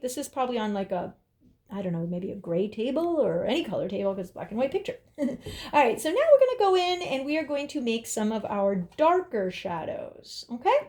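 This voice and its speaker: A woman's voice: fairly high pitch, dark tone. Upbeat woman teaching a drawing lesson. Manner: upbeat, encouraging, talks while drawing. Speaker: art teacher.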